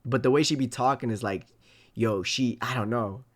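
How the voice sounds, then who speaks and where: A man live-streaming, reading chat comments aloud and reacting in a loose, animated way with plenty of swearing. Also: mid-range voice, normal speed.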